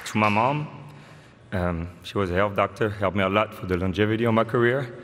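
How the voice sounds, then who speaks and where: A man's voice: lowish voice, a little fast, a crowd in the background, noisy background. A man in his forties with a French accent gives a joking, story-filled acceptance speech at a podium. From France. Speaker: honoree giving an induction speech. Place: large hall. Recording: reverberant hall with faint ambience.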